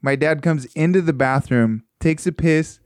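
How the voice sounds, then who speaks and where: A man's voice: a little high, normal speed, a little mellow, smooth, no room sound, studio quality. A young adult man co-hosting a podcast, telling crude stories and trading jokes. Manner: crude, joking banter. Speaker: podcast co-host. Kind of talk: casual storytelling chat.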